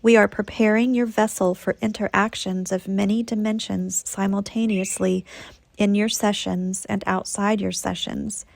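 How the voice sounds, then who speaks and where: A woman voicing a group of calm, reassuring spirit beings in a soothing, measured way. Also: medium pitch, creaky, no echo, close to an everyday voice.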